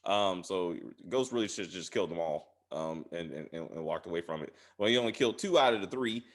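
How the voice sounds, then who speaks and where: Animated man recapping a TV drama. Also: sits low, a little fast. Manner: animated, acts out character lines. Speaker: podcast co-host. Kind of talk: casual TV recap chat.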